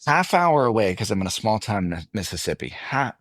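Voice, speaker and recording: Male actor guest, low register, dry close mic, lively anecdotal delivery. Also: brisk, dry recording. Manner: animated anecdote telling, voices others in quotes. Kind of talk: casual interview storytelling.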